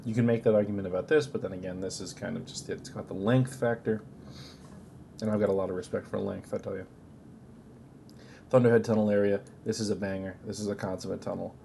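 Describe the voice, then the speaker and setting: A man's voice: on the low side, fairly even intonation, fast, gravelly, warm tone, a little hiss or hum. A man giving casual, profane tier-list commentary on a game, blunt and opinionated. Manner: blunt, opinionated, swears freely. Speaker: gaming video creator ranking game locations.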